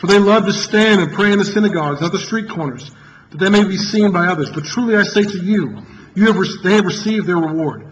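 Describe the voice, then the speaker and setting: A pastor preaching a sermon to his congregation in an earnest, emphatic way, repeating key phrases and pausing for effect. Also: sits high, muffled recording, a little hiss or hum.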